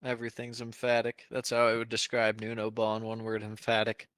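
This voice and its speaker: Male podcast co-host, smooth resonant voice, chatty joking banter, dry close sound. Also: on the low side, monotone, fairly quick, fairly bright tone, no echo. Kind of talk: casual football match recap.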